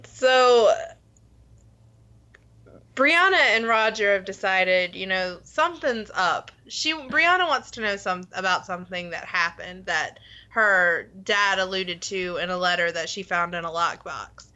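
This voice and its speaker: A woman co-hosting a casual TV recap chat, telling the story in an animated way and laughing often. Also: mid-range voice, measured pace, smooth. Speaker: podcast co-host.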